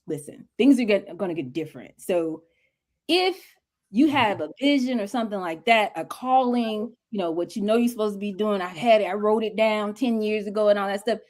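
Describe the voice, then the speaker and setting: A woman's voice: mid-range voice, a little fast, darkish tone. A woman speaking as a guest mentor on a livestream interview, talking in an emphatic, preachy, colloquial way over a video call.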